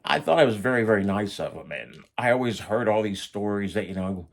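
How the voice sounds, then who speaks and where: A man's voice: on the low side, lively intonation, brisk, creaky. A man casually telling a story about his own past, blunt and profane in a conversational way.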